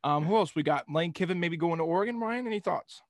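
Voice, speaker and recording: A man's voice: on the high side, fast talker, no room sound, clean studio sound. A young man co-hosting a casual sports talk show, joking and slipping into silly impressions.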